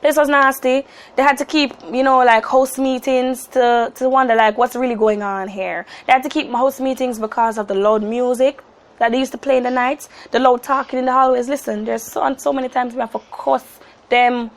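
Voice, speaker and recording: High-voiced young Jamaican woman vlogger. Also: normal speed. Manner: animated, slips into Jamaican patois. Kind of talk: casual storytelling to camera.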